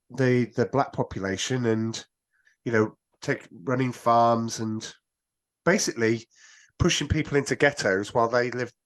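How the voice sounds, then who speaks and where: A man talking casually about a film on a podcast, rambling with restarts and lively asides. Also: on the low side. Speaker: podcast guest.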